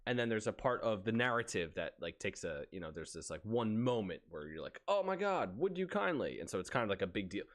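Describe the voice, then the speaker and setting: A man's voice: fast talker, hardly any pauses. A man co-hosting a casual podcast chat, acting out quoted phrases as he tells a story. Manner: animated, acts out quoted phrases with big pitch swings. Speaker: podcast co-host.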